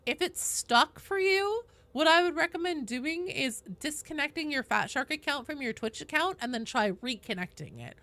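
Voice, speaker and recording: High, lively young woman streamer. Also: moderate pace, hardly any pauses, no room sound. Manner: bubbly, swears casually, chats with viewers. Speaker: game streamer. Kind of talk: casual live-stream chat.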